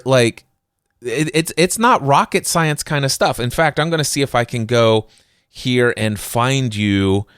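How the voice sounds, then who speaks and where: Confident male podcast host, unhurried delivery, very dry studio sound. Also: medium pitch, a bit bright, smooth, no echo. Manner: confident, bold, conversational. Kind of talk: solo podcast talk.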